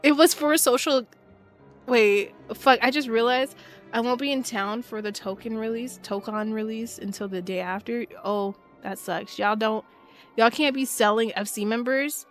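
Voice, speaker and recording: A woman in her twenties chats on a gaming stream, slangy and profane, breaking into laughs. Her voice sits a bit high, and soft music hums behind her. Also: steady tone, normal speed. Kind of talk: casual gaming stream chat.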